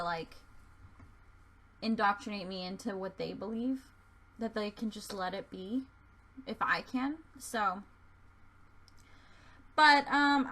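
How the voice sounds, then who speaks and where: A woman's voice: medium pitch, bright, forceful tone. A woman vlogging casually from home, rambling and chatty with lots of hesitant fillers. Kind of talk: casual vlog chat. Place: at home near her desk.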